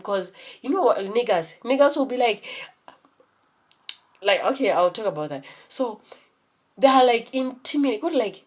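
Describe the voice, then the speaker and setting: A woman's voice: a little high, expressive, moderate pace, pauses often. A young woman telling a rambling, profanity-laced story in a casual vlog, full of fillers and restarts. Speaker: vlogger.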